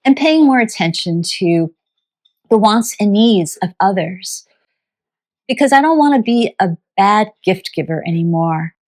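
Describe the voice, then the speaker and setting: A woman vlogger on a farm channel, telling a story in a gentle, heartfelt, reflective way. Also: mid-range voice, lively intonation, measured pace.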